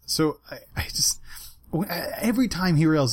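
A man co-hosting a podcast in casual chat, talking in a lively way and swearing often. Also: on the high side, quick pace. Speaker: podcast co-host.

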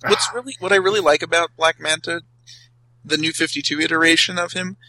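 A young man co-hosting a casual comics podcast, rambling with restarts and quick laughs. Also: fairly high pitch, fairly even intonation, sharp tone, a little hiss or hum, rough recording. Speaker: podcast co-host.

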